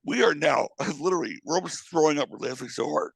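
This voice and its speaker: A man, an interview guest and author, telling a lively road anecdote and laughing through it. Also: on the high side, fast, gravelly, husky, dry recording. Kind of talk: animated storytelling.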